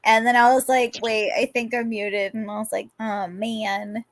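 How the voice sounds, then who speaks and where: A woman's voice: a little high, level tone, measured pace. A woman guesting on a podcast over an online call, chatty and upbeat. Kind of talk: casual chat.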